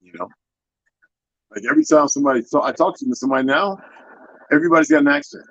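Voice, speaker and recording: A man's voice: a little high, quick pace, a bit bright, husky, no room sound, highs cut off. A man lecturing in a casual talk-show chat, full of his own theories. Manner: lecturing, talks about himself as a linguist. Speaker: guest.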